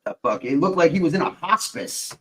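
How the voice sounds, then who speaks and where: A man's voice: a little high, lively intonation, fairly quick, fairly bright tone. Rambling, foul-mouthed man streaming. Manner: rambling, swears constantly, many fillers. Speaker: stream host. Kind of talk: casual profane chat.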